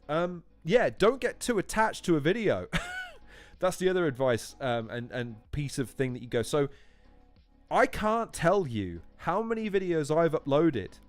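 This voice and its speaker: A man casually chatting on his livestream, animated and rambling, with plenty of swearing. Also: fairly high pitch. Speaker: YouTuber hosting a livestream. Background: faint background music.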